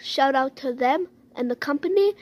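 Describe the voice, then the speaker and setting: High playful girl hosting a skit. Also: expressive, normal speed, a little mellow. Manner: playful, dramatic and teasing. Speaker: video creator.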